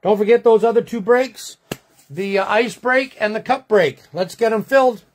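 A man's voice: high voice, normal speed. A man hosting a sports card break, chatting folksily to viewers as he rolls dice and calls out teams. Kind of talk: casual live card break commentary.

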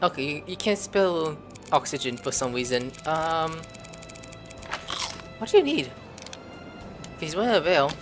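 A man's voice: fairly high pitch, sing-song, unhurried, long pauses, music in the background. A man giving casual let's-play commentary, thinking aloud and breaking into sudden surprised outbursts. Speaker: gameplay commentator.

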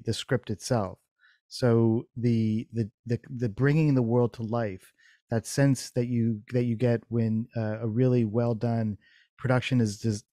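A man gives a thoughtful explanation as an interview guest, often repeating words while he shapes an idea. His voice is warm and mellow. The recording is dry and close, with no room sound. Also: mid-range voice, no echo. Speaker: guest designer.

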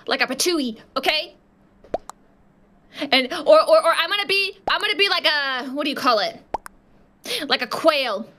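A woman's voice: high-pitched, noisy background. A woman livestreaming a game with viewers, chatting casually, scolding sassily and shrieking in mock terror. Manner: sassy scolding. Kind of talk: casual livestream gameplay chat.

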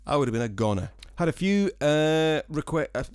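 Dry-joking man with a softened Scottish accent. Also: on the high side, big pitch swings, brisk, clear, resonant tone, dry recording. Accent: Scottish, softened by years in England. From Scotland. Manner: dry, self-mocking, jokey asides. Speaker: singer-songwriter. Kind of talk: rambling casual vlog chat to viewers. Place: small room at home, with a fan.

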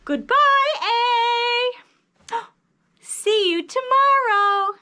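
Woman, early reading teacher: very high, slow, sing-song phonics delivery for small kids. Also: pushed and bright. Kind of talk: children's phonics lesson.

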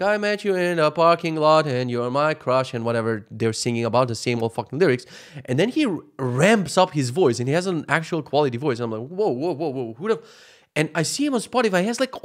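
Sweary young man ranting on a podcast. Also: medium pitch. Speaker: podcast host. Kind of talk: casual solo podcast rant.

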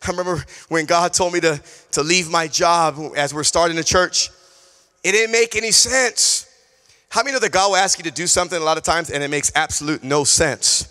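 A male pastor preaching a sermon, telling a personal story in an animated way, acting out conversations and repeating key phrases. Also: on the high side, long reverb tail. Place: church sanctuary.

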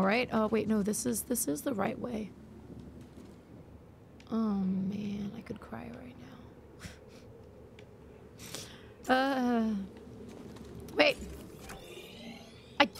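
A woman live-streaming a video game, chatting excitedly and reading out viewer messages. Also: fairly high pitch, gravelly, slight background noise. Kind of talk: live gameplay stream chat.

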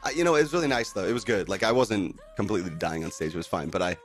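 A man on a relaxed livestream from home, greeting his viewers in an easygoing, upbeat way. His voice sits fairly low. Faint music plays behind him. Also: racing. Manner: laid-back and upbeat, full of "dude" and "man". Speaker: livestreamer and band singer. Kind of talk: casual livestream chat with viewers. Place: at home indoors.

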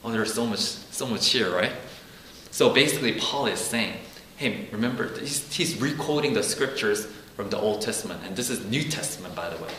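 A man's voice: on the low side, expressive, moderate pace, bright, forceful tone, a little hiss or hum. Casual preaching man, echoey room. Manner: casual, repeats himself, acts out quotes. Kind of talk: informal bible teaching.

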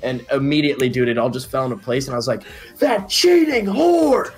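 A young man in casual voice chat with friends, telling a rowdy story and breaking into shouted, laughing punchlines. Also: mid-range voice, level tone, rapid-fire, faint music behind.

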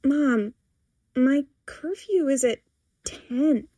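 Woman reader as anxious teen girl, higher pitch, dry close sound. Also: warm tone, dry recording. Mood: pleading. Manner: pleading, higher and slower than the narration. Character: anxious teenage girl, timid but stubborn.

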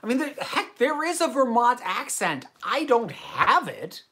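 A man's voice: very high-pitched, sing-song, measured pace, bright, forceful tone. A young American man hosting a livestream Q&A from his bedroom, reading chat questions aloud and answering them in long tangents. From United States. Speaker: host.

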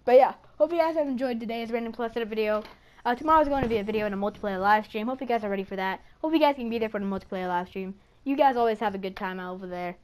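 Fast and mid-range, a gaming YouTuber keeps up excitable live commentary over a match, talking to the enemies she faces and screaming when something startles her. A faint hiss or hum runs in the background.

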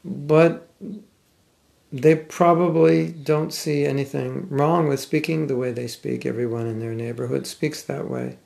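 An older American man with a General American accent giving a scripture class, speaking thoughtfully with some halting restarts and reading passages aloud. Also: medium pitch, fairly even intonation, vocal fry, a little mellow. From United States. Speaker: spiritual teacher. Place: class room.

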